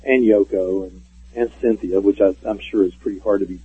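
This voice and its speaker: A man's voice: lowish voice, fairly even intonation, brisk, husky. A man calling in as a guest on a radio show, telling stories at length with many fillers and restarts. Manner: rambling storyteller with many fillers. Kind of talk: casual radio interview. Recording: tinny phone line.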